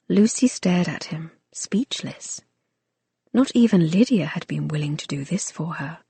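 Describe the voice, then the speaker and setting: A woman reading a romance novel aloud as an audiobook narrator, in a measured, soft-spoken way. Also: low voice, expressive, gravelly, husky, dry recording.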